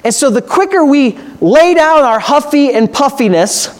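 A man's voice: very high voice, lively intonation, moderate pace. A man, a pastor, preaching a sermon with passionate, repetitive emphasis.

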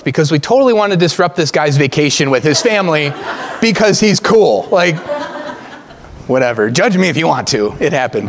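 A man preaching as a pastor, telling a story with humor, laughing often and jumping much higher in pitch when excited. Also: a little hiss or hum. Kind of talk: storytelling sermon.

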